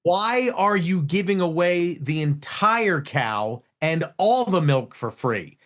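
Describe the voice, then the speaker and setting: A man hosting a radio talk show, chatting casually in an animated, exasperated way, with frequent restarts. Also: fairly high pitch, slow pace. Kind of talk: casual on-air banter. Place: radio studio.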